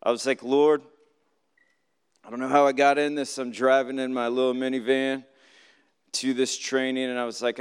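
A man's voice: medium pitch, flat delivery, normal speed, pauses often, smooth. A man giving a conversational Shabbat sermon, telling stories from his week, acting out what people said and putting questions to the congregation. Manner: storytelling, acts out quoted voices, asks the audience questions. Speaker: preacher giving a Shabbat teaching. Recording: live hall recording with long reverb.

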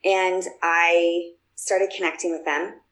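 Low-voiced woman telling a story. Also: flat delivery, slow, fairly bright tone, low-quality recording. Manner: chatty, many fillers and restarts. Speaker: guest. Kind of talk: casual storytelling.

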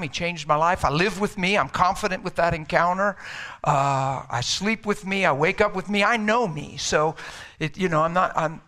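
Man, middle-aged, preacher, sermon, emphatic, high pitched. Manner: energetic, emphatic, conversational preaching.

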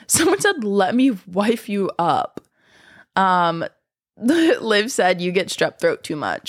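A young adult woman chatting to camera, rambling and profane, out of breath and with a sore throat. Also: fairly low pitch. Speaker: vlogger. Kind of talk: casual chat to camera.

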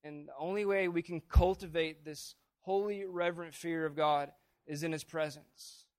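A man preaching a sermon as pastor, earnest, swelling louder on key phrases. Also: a little high, steady tone, normal speed, no echo.

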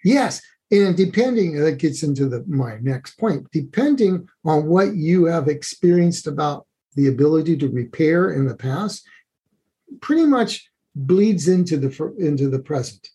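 A man's voice: a little high, lively intonation, a little slow, mellow, slightly rough. A man speaking as a relationship expert, explaining in an earnest, conversational way with frequent restarts.

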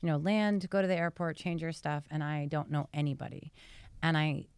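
A woman guest on a podcast, telling a story in a chatty, animated way with many fillers. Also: low voice, brisk, clean tone, no echo. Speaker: guest, behavioral psychology scientist.

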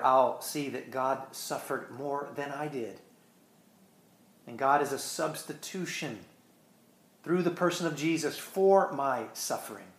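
Earnest preaching man in an echoey room. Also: mid-range voice. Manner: earnest preaching, swings between quick bursts and slow stressed words. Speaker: pastor. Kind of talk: sermon.

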